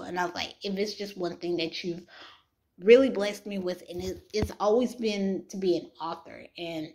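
Young woman vlogging from her bedroom, chatty, y'all-heavy, mid-pitched. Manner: chatty, talks to viewers as y'all, frequent fillers and restarts. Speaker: Christian romance author vlogging. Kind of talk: casual chat. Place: bedroom at home.

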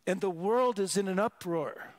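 A pastor preaching a sermon at a church worship service, earnest and emphatic, repeating words and restarting phrases. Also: male voice, high-pitched, normal speed.

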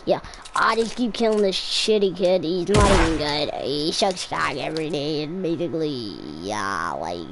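A woman's voice: deep voice, noisy background. Woman gaming on stream, rowdy and crude, voice jumps all over the place, keeps swearing. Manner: crude, rambling, swears and trash-talks; excitable, quick swings between yelling and muttering. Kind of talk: casual gameplay commentary.

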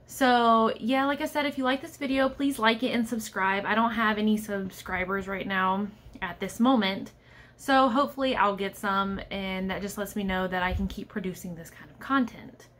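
A young woman vlogger speaks straight to the camera in a personal monologue, candid and frustrated about a struggle she's facing. Her mid-range voice is a bit bright and moves at a normal speed.

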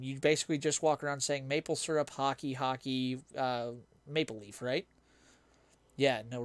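A young man with a medium-pitched voice plays a game on stream and casually talks with his chat, reading it as he goes. His talk is rambling and self-mocking, punctuated by easy laughter, in a dry recording.

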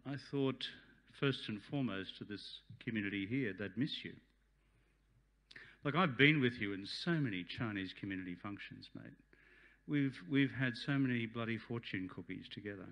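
An Australian man in his sixties giving a chatty, joking speech at a community function. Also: on the low side. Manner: chatty, jokey, warm-hearted. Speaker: guest speaker. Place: function hall.

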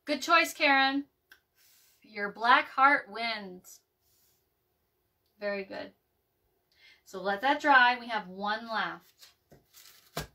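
A woman's voice: on the high side, lively intonation, very slow, long pauses, bright, forceful tone, recorded from a distance. A woman hosting a casual craft video, rambling and chatty with many ums and restarts as she works. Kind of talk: casual live craft chat. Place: home craft table, indoors.

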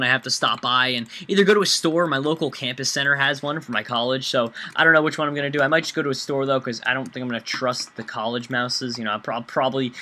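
A man's voice: medium pitch, pushed and bright, slight background noise. A young man hosting a let's play, rambling and self-mocking as he plays, and swearing when he panics. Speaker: gaming channel host.

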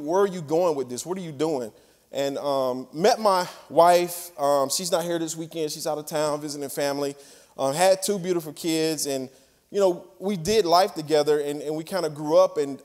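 A man from Mississippi with a Southern twang, a guest speaker giving a chatty, relaxed sermon. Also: a little high. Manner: relaxed, chatty with laughs and fillers. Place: large church hall. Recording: hall reverb from a church stage.

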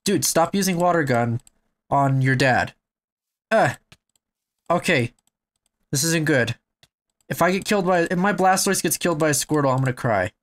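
A young man commentating his game, excitable and swearing, shouting at what happens on screen. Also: on the high side, moderate pace, pauses often. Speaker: gamer. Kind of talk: let's play commentary.

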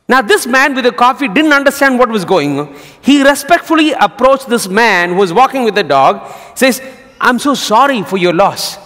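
A male pastor preaching a sermon, telling jokes as a lively storyteller. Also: very high voice. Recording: long hall reverb.

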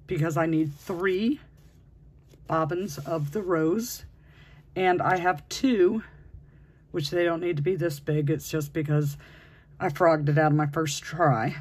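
Unhurried crochet instructor with a slightly husky voice, patiently counting stitches aloud in a step-by-step tutorial. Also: medium pitch.

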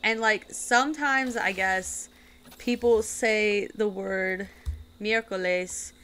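A woman's voice: medium pitch, slow pace, fairly bright tone, clear, resonant tone. A woman streamer chatting casually while she plays a game, rambling and giggling as she goes. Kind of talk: casual gaming chat.

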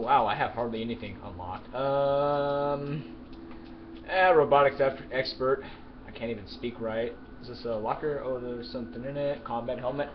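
A man casually commenting on his own game play, swearing and yelling at the game's characters, then mumbling as he loots. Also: medium pitch, takes it slowly. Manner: mumbling asides while looting. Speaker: gamer. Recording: dull lo-fi mic with clear background noise.

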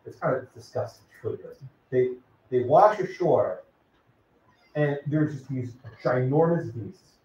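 Unhurried and mellow, a man with a medium-pitched voice and lively intonation teaches law, casually calling students by name and questioning them. He's a law professor in a lecture classroom, captured in a distant, echoey, dull recording.

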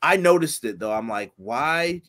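A man's voice: medium pitch, lively intonation, unhurried, a bit bright. A man co-hosting a casual wrestling review chat, laughing often and reading out viewer comments. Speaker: podcast co-host.

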